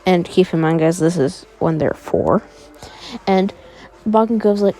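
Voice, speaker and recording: A woman's voice: on the low side, measured pace, warm tone, soft background music, rough recording. A woman casually improvising a story, rambling with many fillers.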